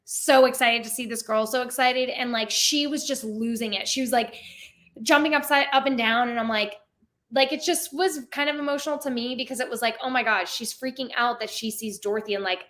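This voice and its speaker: Chatty young woman guest, bright tone, says like a lot, laughs easy. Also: fairly high pitch, brisk. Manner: chatty, many "like" fillers, laughs often. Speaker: theme park performer, interview guest. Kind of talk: casual interview storytelling.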